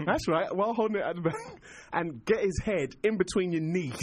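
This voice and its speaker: A man tells a comic story in a casual chat, acting out the voices of the people in it. His pitch swings widely as he talks. He often breaks into laughter mid-sentence. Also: animated, normal speed, background noise. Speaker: guest telling a story. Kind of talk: casual anecdote.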